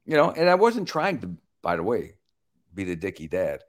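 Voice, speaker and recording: A middle-aged man, a comedian, chatting on a podcast in an animated, emphatic and profane way. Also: low-pitched, moderate pace. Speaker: comedian guest. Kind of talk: casual podcast chat.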